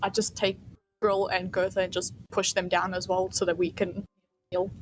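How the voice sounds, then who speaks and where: A woman's voice: lowish voice, level tone, moderate pace, breathy edge, no room sound, soft background music, poor audio. Eager woman player at a game table. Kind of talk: casual tabletop play.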